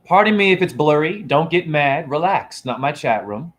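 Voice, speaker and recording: A man's voice: a little high, moderate pace, fairly bright tone. A man lectures his live-stream chat from his phone, speaking in a slightly raised register. He preaches and taunts and keeps pressing the viewers with rhetorical questions. He sounds sure he has already won the argument. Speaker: self-styled spiritual teacher streaming to a chat. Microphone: phone camera.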